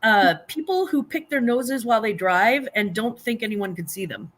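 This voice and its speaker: A woman's voice: on the high side, lively intonation, moderate pace, fairly bright tone. An older woman from the United States, chatting casually as a guest and slipping into mocking voices. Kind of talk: casual chat.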